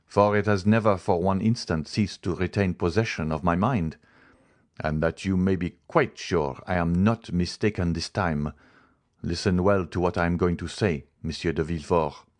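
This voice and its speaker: A man voicing a stern middle-aged doctor, measured and coldly certain. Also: low voice, close to an everyday voice. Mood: grave.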